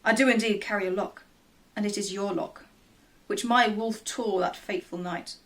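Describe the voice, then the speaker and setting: A woman reading a romantic male vagabond's declarations of love in an earnest, slightly lowered voice. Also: fairly even intonation, moderate pace, fairly bright tone, distant mic, close to an everyday voice.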